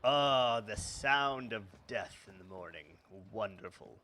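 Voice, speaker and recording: Guy narrating his game, lots of uhs, takes stuff back mid-sentence, mid-pitched voice. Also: takes it slowly, few pauses, sharp tone. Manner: rambling and self-correcting, with many fillers. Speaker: let's play host. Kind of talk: casual gameplay commentary.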